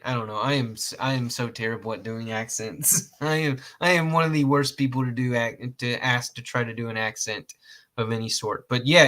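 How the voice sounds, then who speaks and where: A man from Georgia with a medium-pitched, sharp voice hosts a casual review of outdoor knives. He rambles and corrects himself, laughing at his own jokes and cursing mildly.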